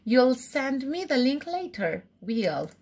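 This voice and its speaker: A woman's voice: sits high, very animated, a little mellow. Woman teaching English grammar. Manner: explains slowly with repeated examples and checks. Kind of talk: recorded grammar lesson.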